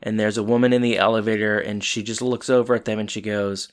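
A man's voice: fairly low pitch, little pitch movement, quick pace, clean tone. A man co-hosting a casual chat, retelling a TV episode in a loose, rambling way with fillers. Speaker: podcast co-host.

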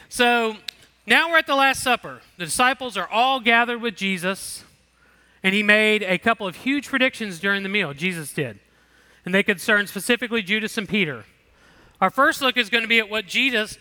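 A man's voice: high voice, sharp tone. A man leading a Bible lesson, reading scripture aloud and commenting in a casual, conversational way. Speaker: Bible study teacher.

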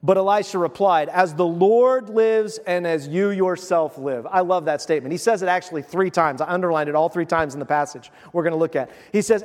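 High-voiced pastor preaching in a reverberant hall. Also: male voice, fairly quick, few pauses. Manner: casual storytelling with voiced asides. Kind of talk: sermon.

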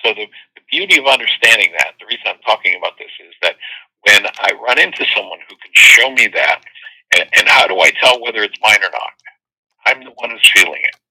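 A man hosting a spiritual talk show with call-ins, teaching and telling stories, with animated quoted voices. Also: on the low side, fairly quick, slightly rough, poor audio. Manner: storytelling, animated quoting voices. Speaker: host and workshop teacher.

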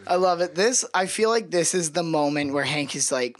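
A man's voice: a little high, expressive. A man co-hosting a podcast, chatting and laughing while recapping a cartoon episode. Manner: chatty, laughs often, quick asides. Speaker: podcast co-host.

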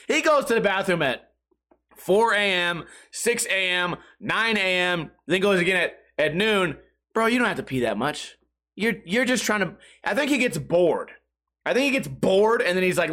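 A young man hosting a podcast, telling profane, animated stories and acting out quotes and noises. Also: high voice, normal speed. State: sweating. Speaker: podcast host. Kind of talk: casual storytelling monologue.

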